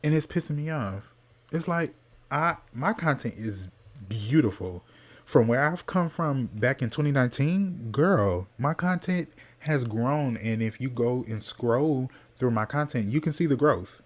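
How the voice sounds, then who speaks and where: A man's voice: medium pitch, expressive, a little slow. A man hosting a podcast, ranting in a sassy, dramatic way and repeating points for emphasis. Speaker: podcast host. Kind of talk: casual solo rant.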